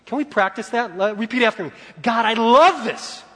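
A man preaching a sermon as a pastor, telling stories with animation and moving between loud and hushed delivery. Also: very high-pitched, animated, normal speed, long reverb tail.

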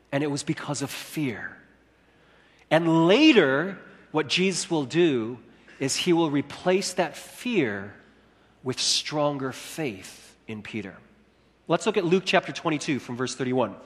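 Male pastor, high lively voice, sermon in a big echoing hall. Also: unhurried. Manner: animated preaching, acting out quoted lines.

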